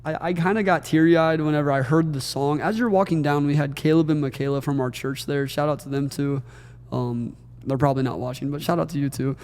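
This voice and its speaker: A man's voice: fairly high pitch, a little fast, a little mellow, big-room sound. A man co-hosting a podcast, telling a rambling, emotional story in casual chat and laughing often. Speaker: podcast co-host. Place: wedding venue.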